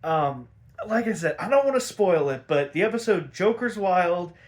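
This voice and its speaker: A man's voice: high-pitched, lively intonation, moderate pace. Young man, cursing, exasperated recap. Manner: profane, gets worked up and exasperated; rambling with many "like" fillers. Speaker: show recap host. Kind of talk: casual episode recap.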